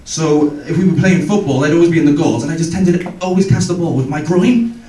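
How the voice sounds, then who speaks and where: A young man doing stand-up, telling school stories in an animated way, swearing freely and jumping into character voices. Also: a little high, fast. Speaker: stand-up comedian. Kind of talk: stand-up storytelling. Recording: roomy, distant, noisy stage recording.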